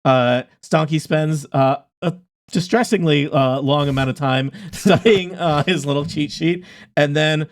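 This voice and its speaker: A man running a tabletop game as game master, narrating in a relaxed way with many pauses. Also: on the high side.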